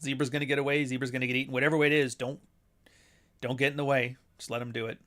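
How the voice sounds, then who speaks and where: Man, mid-pitched voice, blunt, profane, rambling casual stream chat. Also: level tone, rapid-fire, fairly bright tone. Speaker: host, author. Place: home near Toronto.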